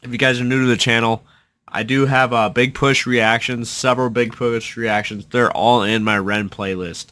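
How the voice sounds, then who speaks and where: A man reacts to a song with casual, excited commentary, thinking out loud and restarting his sentences as ideas come to him. His voice sits at a middling pitch with a bright, sharp edge. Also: moderate pace, a little hiss or hum.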